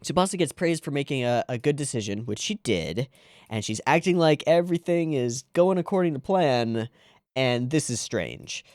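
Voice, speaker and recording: Lively sarcastic anime reaction host. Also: mid-range voice, moderate pace, no room sound, studio quality. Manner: animated, sarcastic, rambling. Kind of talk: casual reaction commentary.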